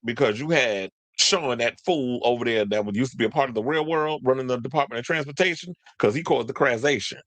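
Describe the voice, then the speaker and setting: A man's voice: mid-range voice, a bit bright, no echo. A man hosting casual entertainment news commentary, rambling in slangy talk, reading stories aloud and chatting with viewers. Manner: rambling, slangy, loses his train of thought; talks to viewers and live chat.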